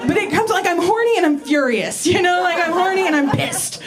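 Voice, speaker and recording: A woman's voice: extremely high pitch, animated, a little fast. A woman in her forties doing a stand-up comedy set, chatty, crude and self-mocking, in front of a live audience. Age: 40s. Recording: live room with crowd noise. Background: audience laughter.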